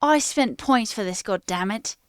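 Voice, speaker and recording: A woman's voice: fairly high pitch, lively intonation, moderate pace, clear, resonant tone, dry recording. Stream host, a woman learning on air, inquisitive and giggly, dry mic. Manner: curious questions, laughs often. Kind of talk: casual livestream chat.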